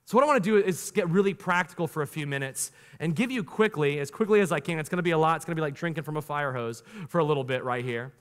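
A man in his thirties preaches a sermon, his voice sitting a little high for a man. He is animated, leaning into slow, weighty phrases and then speeding through casual asides. A long church-hall reverb trails behind every word. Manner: animated preaching, swings between slow emphatic lines and quick asides. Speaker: pastor. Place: church sanctuary.

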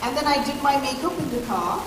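Brief: woman, hurried self-mocking panel talk, reverberant event hall, audible noise. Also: high-pitched, expressive. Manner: chatty, rushed and self-mocking. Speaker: panel guest at a product launch. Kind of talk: casual panel chat. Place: large echoey event hall. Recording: echoey hall, far-off mic, background noise.

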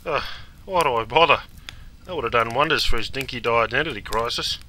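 Gravelly Australian man, bright voice. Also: mid-range voice, a little fast, a little hiss or hum, poor audio. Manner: broad, laid-back slang. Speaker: language course presenter. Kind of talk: recitation and casual banter.

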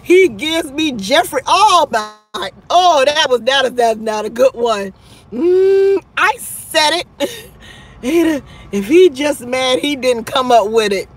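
Woman, high voice, casual livestream chat, laughs a lot, blunt trash talk. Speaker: livestream host.

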